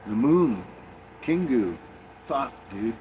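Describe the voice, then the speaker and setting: A man's voice: mid-range voice, sing-song, slow, mellow, slight background noise, low-quality recording. A man talking casually in a rambling monologue, swearing often and restarting his sentences. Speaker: conspiracy vlogger.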